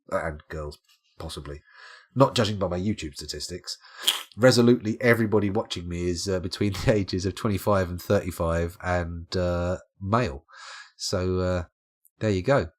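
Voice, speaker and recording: A man's voice: low-pitched, big pitch swings, fairly quick, slightly rough. A tired young man, rambling and self-mocking as he chats to viewers on a late-night game stream.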